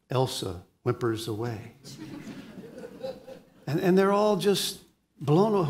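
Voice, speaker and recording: A male pastor delivers a sermon in a fairly high voice. He drops to a hush for solemn lines and rises to emphatic bursts, often repeating a word as he gets a thought going. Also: takes it slowly, long pauses. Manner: animated preaching, swings from hushed to emphatic; repeats words when starting a thought.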